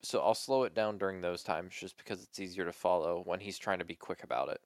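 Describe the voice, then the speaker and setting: A young man with a low voice co-hosts a casual chat show. He talks loosely, full of fillers and the odd swear word. The sound is dry and close. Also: quick pace, no room sound. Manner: loose, swears often, trailing filler words. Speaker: podcast co-host.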